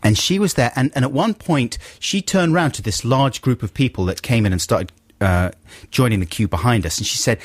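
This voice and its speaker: Man, radio host, animated storyteller, varied pitch, dry studio mic. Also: a little fast, dry recording. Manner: animated, laughing, acts out quotes.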